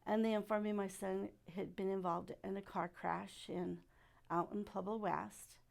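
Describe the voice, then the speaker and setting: Gravelly, halting middle-aged woman. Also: mid-range voice, little pitch movement. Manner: halting and soft-spoken, many pauses and fillers. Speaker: church member giving testimony. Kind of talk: personal testimony.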